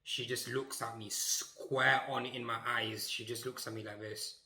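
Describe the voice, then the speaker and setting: A young man tells a funny school story in an animated, emphatic way, acting out each moment. His voice is bright and forward. The sound bounces around an echoey room. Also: medium pitch, measured pace. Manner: animated, acts out scenes, emphatic. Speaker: YouTuber. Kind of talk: comic storytelling.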